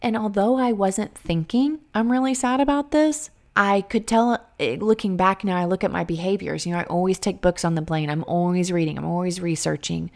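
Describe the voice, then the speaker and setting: A woman's voice: lowish voice, fairly quick, vocal fry, hardly any pauses, darkish tone. A woman coach in her thirties speaks with earnest emphasis. She addresses her listeners directly in a faith-based motivational talk.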